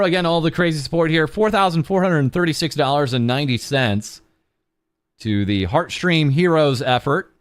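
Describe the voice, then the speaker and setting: A young man chats casually on a charity livestream as a VTuber, rambling and poking fun at himself with plenty of ums and uhs. His voice is medium in pitch, and there's no echo.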